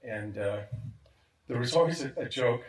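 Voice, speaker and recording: A man giving a warm, reflective memorial speech, chuckling now and then. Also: mid-range voice, lively intonation, moderate pace. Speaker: memorial speaker. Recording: echoey sound from a distant mic.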